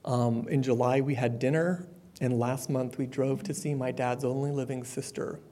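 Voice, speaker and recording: A middle-aged man giving a personal testimony at a support meeting, candid and conversational, with fillers and the odd soft laugh. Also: medium pitch, fairly even intonation, normal speed. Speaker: speaker sharing his recovery story.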